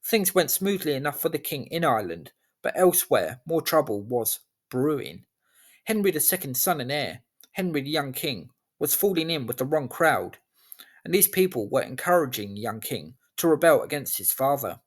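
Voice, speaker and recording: A man giving scripted history narration in a measured, even storytelling delivery. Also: a little high.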